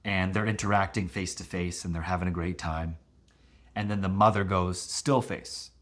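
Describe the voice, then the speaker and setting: A middle-aged man explaining relationship conflict as a coach, lively and expressive, often acting out what partners say. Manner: animated, acts out quoted voices with big pitch jumps. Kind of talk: teaching talk to camera.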